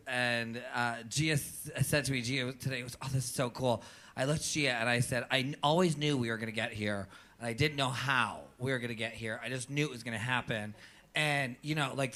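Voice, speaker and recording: A Canadian drag performer on a viewing-party panel chats casually and emotionally, swearing often and repeating himself. His voice is medium-pitched, bright and forceful, moving a little fast.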